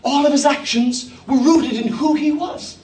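A man's voice: very high voice, measured pace, a little mellow, slight background noise. An Irish man preaching a sermon as pastor, telling a story with emphasis and calling for responses. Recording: roomy hall, mic at a distance.

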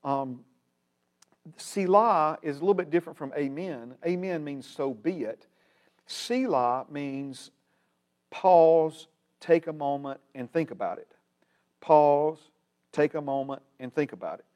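A man with a Southern American accent teaches a Bible class over a computer stream. His voice sits a little high for a man, and his delivery is folksy and casual. He slows down to repeat his key phrases for emphasis. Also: a little mellow. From Alabama, United States.

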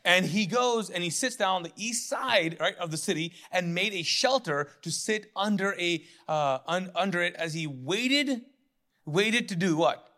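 A pastor giving a sermon in a lively, conversational way, joking, laughing at his own lines and acting out the voices of biblical figures. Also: high voice, unhurried.

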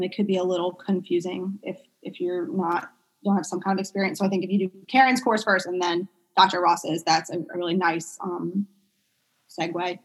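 A woman's voice: medium pitch, slightly rough, rough recording. A young adult woman, a pediatric speech therapist, talking casually as an interview guest, chatty with many fillers. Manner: chatty, many fillers, animated retelling of stories. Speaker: pediatric medical speech-language pathologist, guest.

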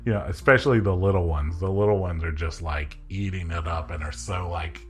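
A man narrating a tabletop game as game master, relaxed and chatty with many fillers. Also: sits low, a little fast, soft background music.

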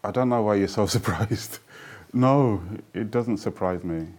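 A middle-aged man speaks as an interview guest, his low voice mellow and rounded. He talks earnestly, telling stories and slipping into recitation of his own poetry. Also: unhurried. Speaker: guest, poet. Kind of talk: interview conversation.

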